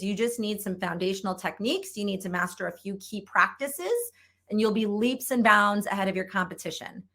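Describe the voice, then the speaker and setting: A woman's voice: mid-range voice, fairly bright tone. A middle-aged woman giving an upbeat, emphatic conference talk on sales writing as a trainer, repeating points for effect.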